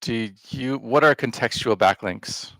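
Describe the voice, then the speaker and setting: Man, gravelly voice, dry close sound, deadpan, rambling livestream chat. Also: mid-range voice, a little slow, no echo. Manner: deadpan, offhand, self-mocking. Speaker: livestream host. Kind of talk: casual rambling livestream commentary.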